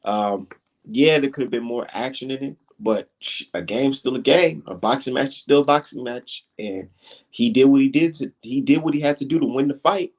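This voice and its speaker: A man hosting a casual live stream, talking fight talk in loose slang and getting animated as he rants. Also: moderate pace. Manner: animated, slangy, swings high when mocking critics. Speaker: livestream host.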